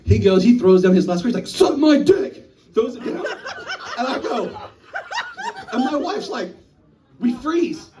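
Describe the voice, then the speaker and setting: A man's voice: very high-pitched, normal speed, long pauses, background noise. A man in his thirties doing a stand-up comedy set in a small live venue, telling stories and acting out the other people's voices. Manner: animated storytelling, acting out voices. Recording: voice from a distance in a small room.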